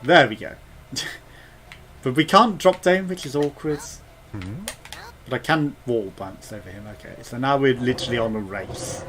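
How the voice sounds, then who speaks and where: A man's voice: mid-range voice, moderate pace, long pauses, fairly bright tone. A man giving casual gameplay commentary as a let's play gamer, chatty and thinking aloud with muttered asides.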